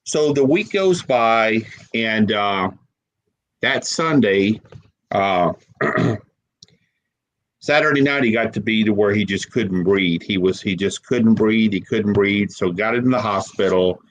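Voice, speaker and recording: A man with a somewhat low voice tells a personal story as an interview guest. He speaks haltingly, repeating words as he goes. He sounds close to tears. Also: poor audio. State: holding back tears. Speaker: guest paranormal investigator.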